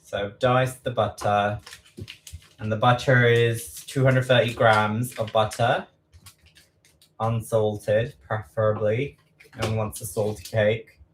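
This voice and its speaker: A man with an East London accent bakes live in his home kitchen, talking to himself and gently mocking himself as he works. His voice is fairly low, his delivery flat and slow, and there's a faint hiss or hum. He's chatty and self-deprecating, saying quantities out loud more than once.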